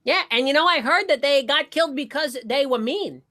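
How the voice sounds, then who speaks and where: A man's voice: extremely high pitch, lively intonation, fairly quick, pushed and bright, heavily acted. A man playing a cocky, dim rich husband with fake airs, who rambles and stammers through improvised murder-mystery comedy. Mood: boastful.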